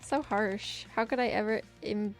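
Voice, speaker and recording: A woman's voice: mid-range voice, unhurried, faint music behind, lightly acted. A woman reading game dialogue aloud as a sly, formal young woman researcher, polite and teasing.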